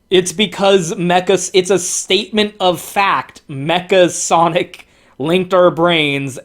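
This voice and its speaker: A man giving a profane, sarcastic commentary while reading from comic panels. He swings between excited outbursts and mocking lows. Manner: sarcastic, profanity-laden ranting. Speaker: comic book reviewer.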